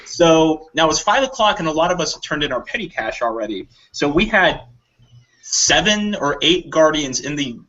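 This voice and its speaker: A man with a bright, slightly high voice tells a rambling convention story, jumping up in pitch whenever he acts out what someone said. The sound is dull and lo-fi, like a remote call. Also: normal speed. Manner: animated storyteller acting out quotes in higher voices. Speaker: volunteer convention staff telling a story. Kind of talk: casual podcast anecdote. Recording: dull lo-fi audio.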